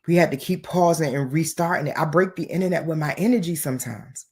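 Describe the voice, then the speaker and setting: A woman giving an emphatic, self-assured motivational talk as a business coach, moving between loud, fast bursts and soft, slow stretches. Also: low voice, breathy edge.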